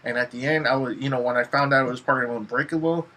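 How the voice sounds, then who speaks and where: Male podcast co-host, mid pitch, bright edge, excitable and profane. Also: quick pace. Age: adult. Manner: excitable, profane, acts out his own reactions. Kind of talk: casual pop culture chat.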